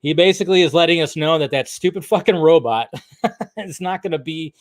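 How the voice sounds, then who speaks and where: Casting: man hosting casual movie talk, rambling and profane, slightly high voice, dry close mic. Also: brisk, no room sound. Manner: rambling, loose and profane, with many restarts. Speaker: movie news channel host. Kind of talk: casual video commentary.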